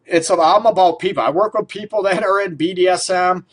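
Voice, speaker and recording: A man's voice: high-pitched, fast, breathy edge. Rambling, chuckling male radio host. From Detroit area. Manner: rambling, full of fillers, laughs often. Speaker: radio show host, relationship counselor. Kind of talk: casual radio talk.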